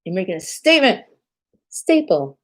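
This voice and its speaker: A woman's voice: fairly high pitch, normal speed. Laughing, swearing woman streamer. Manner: profane, laughs often; rambling animated storytelling. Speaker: live streamer. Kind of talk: casual live stream chat.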